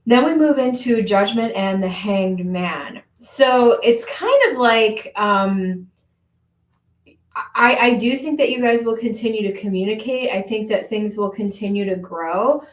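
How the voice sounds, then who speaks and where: A woman's voice: medium pitch, measured pace, roomy sound, poor audio. A woman giving a casual live-streamed tarot reading, reassuring and hesitant with frequent fillers. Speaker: tarot reader.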